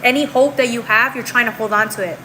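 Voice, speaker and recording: Bright-voiced woman giving a live tarot reading. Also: fairly high pitch, fast talker, slight background noise, rough recording. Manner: chatty, keeps tagging lines with "right?"; slangy, calls the viewer girl and bro. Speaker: tarot reader.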